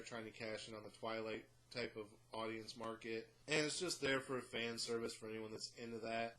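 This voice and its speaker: A man's voice: medium pitch, fairly bright tone, rough recording. Blunt casual man reviewing a movie. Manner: blunt, irreverent, filler-heavy.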